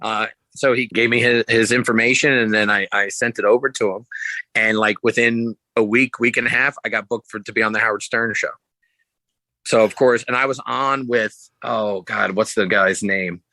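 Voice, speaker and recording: A man, a sideshow performer guesting on a podcast, telling stories in a loose, rambling way and jumping his pitch to act out quotes. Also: fairly even intonation, moderate pace, sharp tone, no echo, poor audio. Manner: rambling, restarts, acts out quotes with pitch jumps; loose, swears casually. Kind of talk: casual storytelling.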